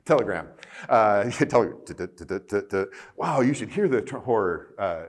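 A man's voice: on the low side, lively intonation, normal speed. A man giving a workshop to clinicians, mixing teaching with joking, self-deprecating personal stories and frequent restarts. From United States. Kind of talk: lecture with personal storytelling.

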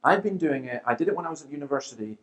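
Middle-aged man, Christian speaker, lively anecdotal talk to a church crowd. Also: on the high side, rapid-fire. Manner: lively storytelling with quoted exchanges and asides.

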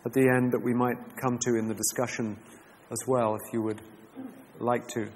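Man leading a class discussion, earnest and measured, mid-pitched voice, roomy hall with faint background noise. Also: flat delivery, darkish tone. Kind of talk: reflective talk, reading a letter aloud.

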